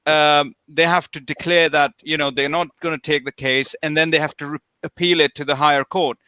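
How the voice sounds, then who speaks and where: A man from Wales co-hosts a casual pub-style chat, explaining a topic at length and swearing now and then. His voice is bright and sits fairly high. The recording is close and dry. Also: steady tone, a little fast, smooth, no room sound, poor audio. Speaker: podcast co-host.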